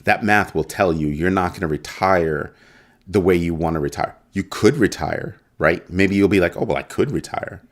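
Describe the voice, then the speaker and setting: A man's voice: deep voice, moderate pace. A middle-aged man from New York hosting a crypto show, talking to viewers in an emphatic way and repeating his points for stress. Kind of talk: casual talk to viewers.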